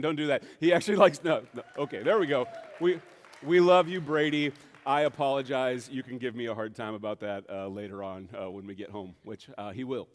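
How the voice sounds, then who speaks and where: Easygoing pastor, chatty storytelling. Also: male voice, mid-range voice. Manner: relaxed, self-deprecating storytelling with frequent fillers. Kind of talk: casual conversational sermon. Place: church sanctuary.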